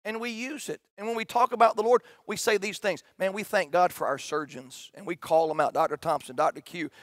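A middle-aged man, a pastor preaching a sermon that swings between shouted emphasis and quiet storytelling. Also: sits high, fairly even intonation, a little fast, no echo, studio quality.

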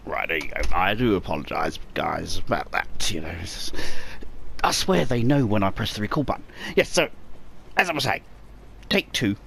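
Swearing Cockney man, gravelly voice. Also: fairly low pitch, normal speed, a little hiss or hum. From East End of London. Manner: heavy swearing, excitable outbursts at the game. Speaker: gaming channel host. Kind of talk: casual let's-play commentary.

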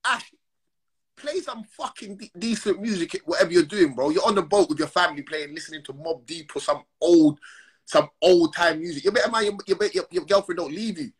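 A man's voice: sits high, brisk, slightly rough. A man ranting on a phone livestream, heated and slangy, repeating his call-outs. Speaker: Instagram live streamer. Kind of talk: confrontational live-stream rant.

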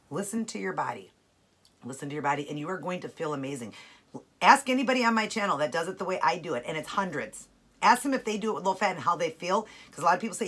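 A woman's voice: medium pitch, expressive, fast, fairly bright tone, slightly rough. A woman chatting casually and enthusiastically to camera about a home-cooked meal, tasting it as she talks. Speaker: keto cooking vlogger. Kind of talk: casual cooking chat to camera.

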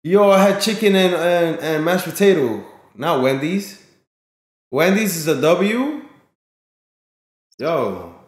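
A man's voice: a little high, sing-song, takes it slowly, long pauses, reverberant. A man live streaming in casual chat, slangy and talking straight to his viewers, often repeating himself.

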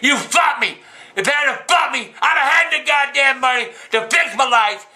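An older man ranting loudly at home, shouting and cursing in a profane home-video tirade. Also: very high voice, moderate pace. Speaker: grandfather ranting on camera. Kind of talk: casual home video rant.

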